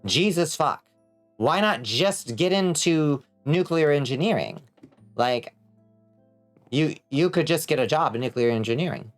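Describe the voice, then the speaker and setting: A woman streaming a game, chatting casually, reading chat and swearing a lot when excited. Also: deep voice, a little slow, soft background music. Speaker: vtuber streamer.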